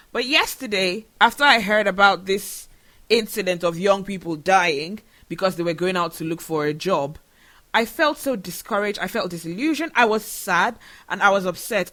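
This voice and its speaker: Woman host, bright voice, impassioned solo monologue, emotional and indignant. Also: mid-range voice. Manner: emotional, indignant, rhetorical questions. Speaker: show host.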